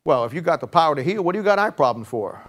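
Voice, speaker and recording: An older man in his sixties preaches in a folksy, conversational way, his voice sitting a little higher than most men's. He jokes as he goes and rambles through his stories, often stopping and restarting mid-sentence. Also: big pitch swings, rapid-fire, a bit bright. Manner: joking, rambling storyteller with frequent restarts.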